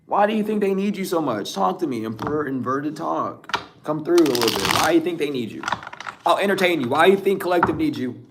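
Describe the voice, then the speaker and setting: A man giving a casual tarot reading, teasing and laughing often, blunt and profane, with a throat that sounds a bit rough. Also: on the high side, animated, brisk, heavy background noise. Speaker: tarot reader.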